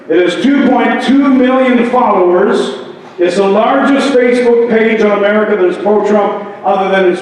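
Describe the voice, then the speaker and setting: A high-voiced man preaching to a town hall crowd. He throws out rhetorical questions and quips. The sound is very echoey and picked up from far across the hall, with faint background noise. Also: darkish tone. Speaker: pastor. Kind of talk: impassioned public speech. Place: town hall meeting in a large hall. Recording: echoey hall, distant mic.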